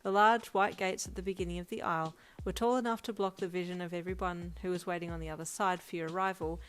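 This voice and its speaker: A woman narrating second-person fanfiction in an expressive storytelling manner. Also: on the low side, fast, a little hiss or hum.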